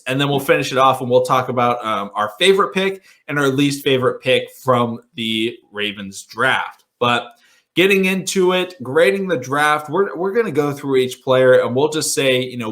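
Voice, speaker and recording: A man's voice: medium pitch, fairly bright tone. A man hosting a casual sports podcast, upbeat and chatty with frequent ums and restarts. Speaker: podcast host.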